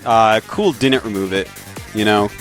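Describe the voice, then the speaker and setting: A man's voice: lowish voice, measured pace, faint music behind. A man casting a live video game match, talking casually and joking while he analyzes the play. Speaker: esports caster.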